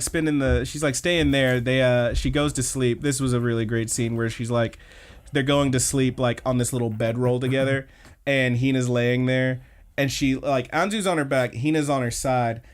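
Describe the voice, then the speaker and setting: A man co-hosting a podcast, casually retelling episode scenes with frequent swearing and quick quoted lines. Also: medium pitch, fairly even intonation, clear, resonant tone. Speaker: podcast co-host. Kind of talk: casual anime recap chat.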